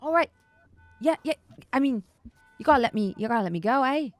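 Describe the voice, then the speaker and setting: A woman's voice: mid-range voice, moderate pace, no room sound, soft background music, voice pushed up, close to an everyday voice. A woman voicing a shifty male satyr. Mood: relieved. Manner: slangy, pleading, rambling excuses. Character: nervous shifty male satyr hired hand. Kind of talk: tabletop role-play.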